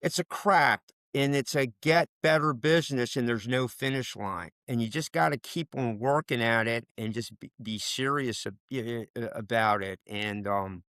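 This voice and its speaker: A man's voice: medium pitch, normal speed, hardly any pauses, fairly bright tone, dry recording. A middle-aged man from the DC area, a basketball official giving coaching advice in an interview, emphatic and repeating his key points.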